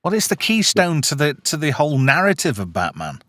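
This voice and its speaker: A man hosting a casual podcast, relaxed and chatty as he thanks guests and viewers. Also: a little high, a little fast, no echo, studio quality. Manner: relaxed, chatty sign-off patter. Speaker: host.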